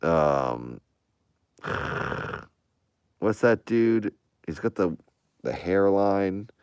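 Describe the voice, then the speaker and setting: A man's voice: a bass voice, clear, resonant tone, no room sound, studio quality. A man chatting casually to his online audience, answering their comments in a rambling, defensive way. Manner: rambling and defensive, with frequent restarts. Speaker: streamer answering viewer comments.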